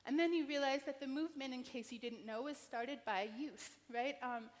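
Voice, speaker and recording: A woman with an American accent speaks in a higher-than-usual voice, telling her story in an earnest, heartfelt way. She talks from a stage into a microphone. Her voice rings with the long reverb of a large hall. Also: moderate pace. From New Mexico, United States. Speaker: invited speaker. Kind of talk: personal conference talk.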